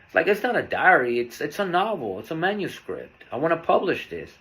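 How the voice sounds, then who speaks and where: A man hosting a podcast, telling a personal story in a candid, earnest, unhurried way. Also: fairly high pitch, big pitch swings, a bit bright. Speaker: podcast host.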